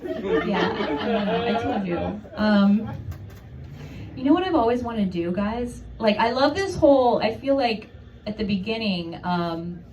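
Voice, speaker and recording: A woman's voice: mid-range voice, lively intonation, measured pace, crowd noise. A woman performing a stand-up comedy set, telling stories in a conversational, self-deprecating way. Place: comedy club stage. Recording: noisy club room from a distance. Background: audience laughter.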